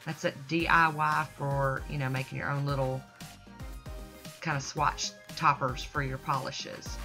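A woman, chatty and folksy, narrating her nail art tutorial. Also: sits low. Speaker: nail art channel host. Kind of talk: casual tutorial voice-over. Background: soft background music.

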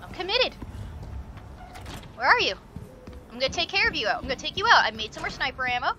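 A young woman giving excitable let's play commentary, swearing and shrieking at the game. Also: high voice, fast, long pauses, slight background noise. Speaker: gaming video creator.

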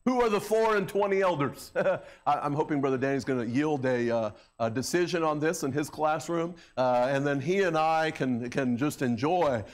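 A man's voice: on the high side, normal speed. A middle-aged male pastor preaching a sermon in a church, talking in a conversational way with filler words and raising his voice when he mocks a crowd. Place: church sanctuary. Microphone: handheld or stand microphone.

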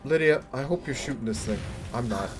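A man streaming himself playing a game, reacting loudly and swearing at what happens on screen. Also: mid-range voice, brisk, over music. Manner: excitable, swearing, shouting at the game. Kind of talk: live gameplay commentary.

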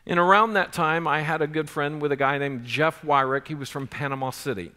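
Earnest pastor preaching in a reverberant sanctuary. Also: male voice, on the high side, steady tone, fairly quick. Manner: earnest, swells louder on key points. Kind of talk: sermon. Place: church sanctuary. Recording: church sanctuary with long reverb.

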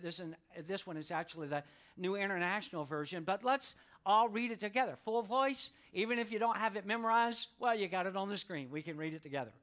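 A man preaching a sermon to a church congregation, inviting them to read scripture aloud with him and slowing down to read it. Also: high-pitched, fairly bright tone. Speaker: pastor. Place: church sanctuary.

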